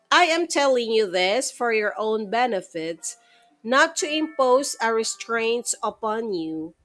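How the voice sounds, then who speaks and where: Slow, reverent woman reading scripture. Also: mid-range voice. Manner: calm, measured, reverent. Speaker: scripture reader. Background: soft instrumental music.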